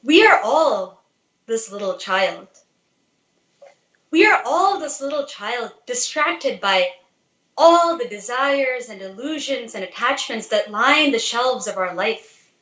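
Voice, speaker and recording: A woman's voice: fairly high pitch, expressive, slow pace, fairly bright tone, echoey room, muffled recording. A woman giving an earnest devotional talk, telling a story and asking rhetorical questions to urge listeners on. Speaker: devotional speaker.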